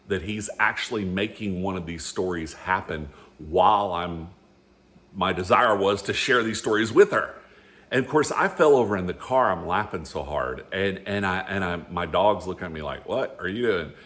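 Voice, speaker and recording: A man's voice: on the low side, a bit bright. A middle-aged man telling a personal faith story in a rambling, earnest way. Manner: rambling and earnest, with frequent restarts. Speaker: storyteller sharing a faith testimony. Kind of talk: casual spoken testimony.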